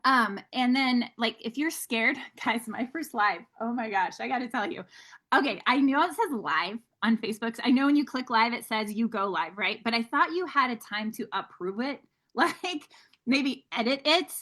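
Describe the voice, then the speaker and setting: A woman's voice: fairly high pitch, lively intonation, normal speed, sharp tone. A woman leading a motivational team training, talking energetically and candidly and calling her listeners guys. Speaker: sales team leader.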